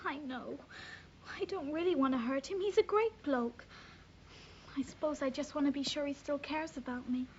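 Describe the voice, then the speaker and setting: A woman's voice: high voice, moderate pace, darkish tone, natural voice. An actress playing a sixteen-year-old girl, lonely and attention-seeking, who talks coyly in a TV drama. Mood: upset. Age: teens. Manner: coy, then hurt. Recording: muffled old TV soundtrack with faint hiss.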